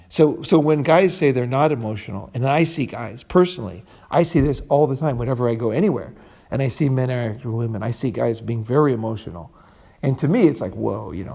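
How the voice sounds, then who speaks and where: Male podcast host, blunt rambling delivery, warm dark timbre. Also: mid-range voice, creaky. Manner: blunt, rambling, with restarts and swearing. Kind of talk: casual podcast chat.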